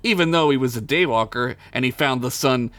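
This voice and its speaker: A man's voice: mid-range voice, brisk, fairly bright tone, dry recording. Casting note: male podcast host reads a raunchy comedy tale aloud, dry close sound. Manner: crude jokey reading, breaks into laughter. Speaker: podcast co-host reading his own comic story. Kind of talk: comic story reading.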